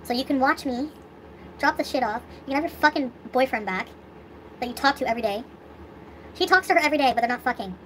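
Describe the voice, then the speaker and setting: A woman's voice: sits high, lively intonation, quick pace, long pauses, fairly bright tone, slight background noise. A young woman vlogging, venting in an upset, swearing rant with sighs. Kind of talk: angry venting vlog.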